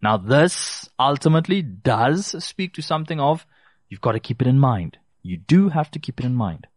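Emphatic man with lively pitch. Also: normal speed, dry recording, clean studio sound. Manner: emphatic, repeats key phrases for stress. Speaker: consumer advice presenter. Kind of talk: casual advice talk to listeners.

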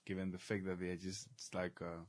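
A man joining a studio news interview as an economist, with a very deep voice that stays flat and even. He answers in a hesitant, halting way, pausing between his thoughts. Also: no room sound. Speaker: economist guest.

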